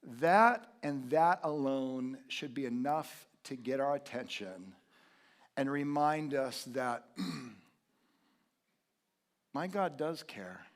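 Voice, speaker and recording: A middle-aged man preaching a sermon as pastor, telling stories with big swings from hushed to loud. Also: medium pitch, expressive, drawn-out words, pauses often. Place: church sanctuary.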